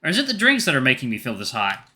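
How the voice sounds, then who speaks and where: A man's voice: mid-range voice, wildly swooping pitch, very fast, pushed and bright. A man narrating a visual novel in the first person, reading plainly with small slips and restarts.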